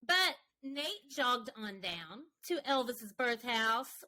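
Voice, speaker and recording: A woman's voice: fairly high pitch, expressive, unhurried, few pauses, bright, forceful tone, poor audio. A woman co-hosting a podcast, recapping an episode in a playful, casual way and laughing often. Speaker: podcast co-host. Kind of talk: casual chat.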